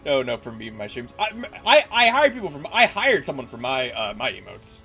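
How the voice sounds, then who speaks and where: A man streaming a game live, talking excitedly and stammering as he chats with viewers. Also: mid-range voice, fairly quick, husky, soft background music. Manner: excitable, stammering, swears casually.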